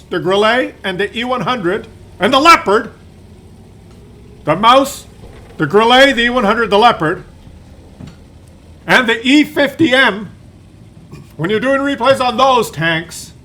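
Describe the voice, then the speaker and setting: A man's voice: high-pitched, bright, forceful tone. A man giving casual, playful commentary on a tank game replay, rambling and teasing as he goes.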